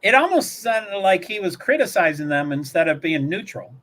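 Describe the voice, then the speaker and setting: High-voiced man rambling over a race. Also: sing-song, normal speed, a bit bright. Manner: rambling, thinking aloud. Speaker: livestream host. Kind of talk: casual commentary.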